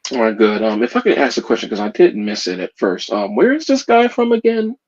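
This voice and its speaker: A man's voice: medium pitch, very animated, fairly quick. A man from New Jersey calling in, asking earnest and polite questions. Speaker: caller. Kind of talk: casual chat. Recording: dull call-in audio.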